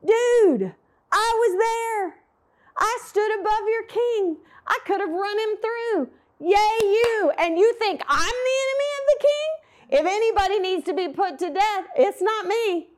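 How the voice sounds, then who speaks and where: A woman's voice: extremely high pitch, a little slow, pitched above the performer's own voice. A woman voicing David, a bold young king. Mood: taunting. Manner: emphatic, lively retelling. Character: bold young male king, fiery and defiant.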